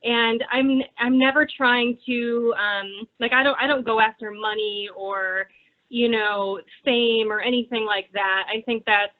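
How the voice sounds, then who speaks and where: A woman's voice: fairly high pitch, steady tone, unhurried. A woman in her twenties from Wisconsin with an Upper Midwest accent, chatting as an interview guest with lots of fillers. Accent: Upper Midwest American. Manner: chatty, many fillers like "um" and "you know". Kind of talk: casual interview chat. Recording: tinny phone-like line.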